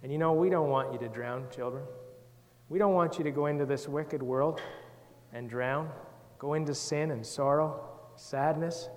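A man giving a gentle Bible talk to children, reading verses and asking them questions. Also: a little high, moderate pace, long reverb tail. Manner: gentle, reads scripture aloud, asks the children questions. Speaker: children's Sunday school teacher.

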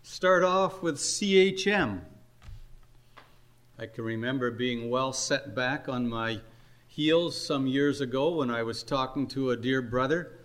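An older man preaching a sermon, earnest and unhurried, his voice climbing on emphatic questions. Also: medium pitch, a bit bright. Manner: earnest, slow exhortation with rising emphatic questions.

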